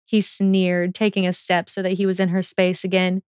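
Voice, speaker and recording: A woman narrating a fan fiction audiobook in steady, measured storytelling. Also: mid-range voice, smooth, no room sound, studio quality.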